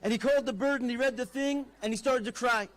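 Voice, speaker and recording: This is a rabbi talking fast in a very high-pitched voice as he gives an animated storytelling address outdoors at a festival. He works Hebrew terms into his speech.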